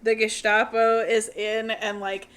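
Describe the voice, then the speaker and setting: Higher-voiced woman podcast co-host, loose and rambling, quick to laugh. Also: little pitch movement, a bit bright. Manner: rambling, laughs often, swears casually. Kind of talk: casual movie podcast chat.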